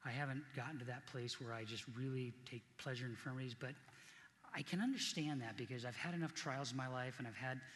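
A man's voice: mid-range voice, fast talker, fairly bright tone, big-room sound, slight background noise. A middle-aged man preaching a sermon as pastor, earnest and conversational, repeating key points for emphasis.

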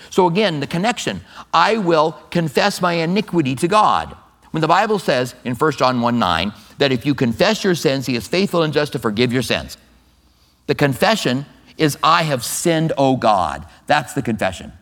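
A man preaching a sermon who reads scripture slowly and then explains it in plain talk with lively asides. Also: mid-range voice. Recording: long hall reverb.

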